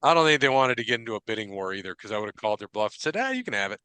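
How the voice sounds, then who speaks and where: Bright, clear-voiced man telling stories. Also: fairly low pitch, rapid-fire, no echo. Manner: profane, animated storytelling with quoted dialogue. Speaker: podcast co-host. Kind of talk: casual chat.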